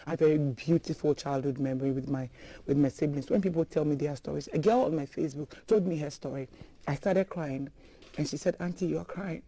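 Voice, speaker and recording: A woman's voice: deep voice, mellow, dry recording, low-quality recording. A woman from Ghana, a guest in an interview, talking through tears and breaking off mid-sentence. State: crying. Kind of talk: emotional interview talk.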